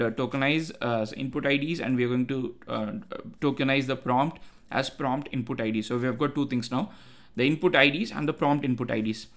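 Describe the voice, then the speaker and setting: Casting: man explaining a coding walkthrough, loose and chatty, mid-pitched voice. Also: fairly bright tone. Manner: explanatory, loose, many fillers like "uh" and "like"; talks to himself while looking things up. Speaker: tech tutorial host. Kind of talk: casual screen-share coding walkthrough.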